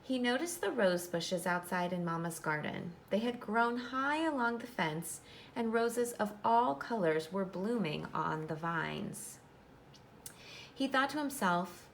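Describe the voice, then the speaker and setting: A woman teacher giving a classroom read-aloud of a storybook, reading in a clear, instructive way and pausing to explain. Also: mid-range voice, expressive, a little hiss or hum.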